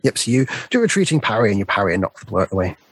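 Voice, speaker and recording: A man's voice: on the low side, sing-song, very fast, breathy edge, dry recording. A man acting as game master, steadily explaining each combat turn and chuckling often. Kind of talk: narrating a tabletop game.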